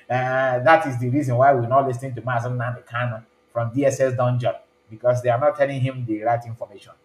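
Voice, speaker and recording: Male stream host, chatty code-switcher, mid pitch, echoey room. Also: flat delivery, fast talker, hardly any pauses. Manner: chatty, mixes English with Igbo and pidgin. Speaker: online show host. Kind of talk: casual live-stream talk. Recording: roomy echo.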